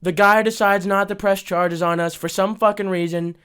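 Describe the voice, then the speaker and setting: A young man co-hosting a podcast, telling a story in casual chat, profane and excitable, laughing often. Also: sits high, moderate pace, smooth. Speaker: podcast co-host.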